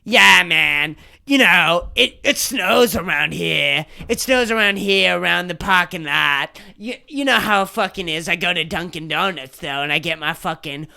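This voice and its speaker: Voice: medium pitch, moderate pace, vocal fry, hardly any pauses, pushed and bright, clear, resonant tone, pitched below the performer's own voice. A podcaster voicing a laid-back male Boston local on the news, with a put-on Boston accent that slips toward Australian, speaking in a drawling, profane way. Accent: Boston accent put on, slipping toward Australian.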